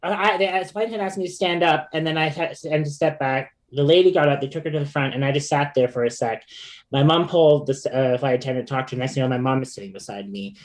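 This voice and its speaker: Animated man telling a story. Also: fairly high pitch, fast talker. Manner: animated, laughing storyteller with many fillers and restarts. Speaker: podcast guest. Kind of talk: casual storytelling chat.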